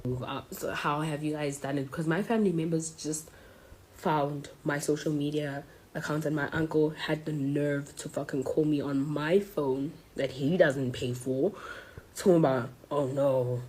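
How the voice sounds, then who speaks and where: A woman's voice: deep voice, steady tone, normal speed, mellow, breathy edge. A young woman student from South Africa venting angrily online and confronting her mother directly. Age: young adult. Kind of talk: emotional social media rant.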